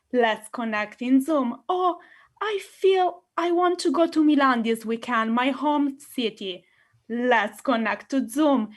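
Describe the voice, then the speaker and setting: A woman's voice: fairly high pitch, a bit bright. A woman with an Italian accent, hosting a public speaking meeting over a video call, playful and theatrical as she addresses her audience. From Italy. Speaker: meeting host.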